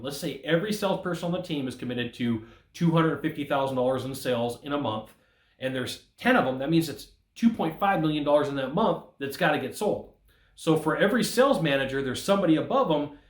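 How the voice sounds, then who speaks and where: Animated man with a fairly high voice. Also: reverberant. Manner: animated, acts out quoted bosses in higher voices. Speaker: sales consultant. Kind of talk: casual direct-to-camera vlog talk. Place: outdoors.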